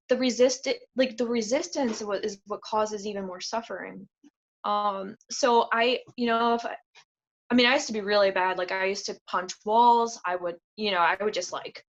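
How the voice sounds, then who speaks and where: An earnest woman talking openly as a podcast guest, her voice at a middle pitch. She strings her thoughts together with plenty of "like" and jumps into livelier voices when she quotes people. The sound is a little dull and lo-fi. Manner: earnest, heavy on "like" fillers, acts out quotes in a lively voice. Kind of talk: candid casual interview talk.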